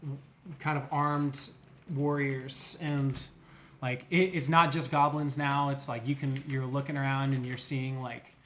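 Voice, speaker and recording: Young male game master, unhurried and halting, faint noise behind. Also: medium pitch, little pitch movement, a bit bright. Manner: halting, many fillers and restarts. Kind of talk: narrating a tabletop game.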